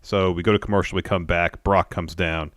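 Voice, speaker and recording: A man co-hosting a wrestling podcast, casually recapping a show and acting out the wrestlers' promos with animated delivery. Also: sits low, a little fast, no room sound, studio quality.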